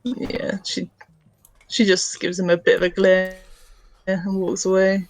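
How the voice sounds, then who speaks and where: A woman's voice: mid-range voice, monotone, unhurried, no room sound. Woman player, dry and curt. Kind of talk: tabletop game in character.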